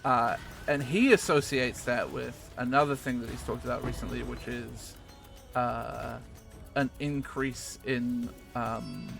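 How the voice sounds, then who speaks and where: A man's voice: medium pitch, gravelly, fairly bright tone. A man with a New Zealand accent chatting casually on a game stream, rambling with fillers and casual swearing. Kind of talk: casual gaming stream chat. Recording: music playing behind the voice.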